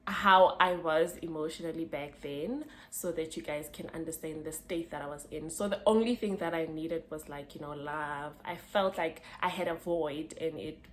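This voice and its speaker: Chatty South African woman, low-toned. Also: normal speed, hardly any pauses. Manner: chatty, slangy, laughs as she talks. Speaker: vlogger. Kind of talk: casual storytime.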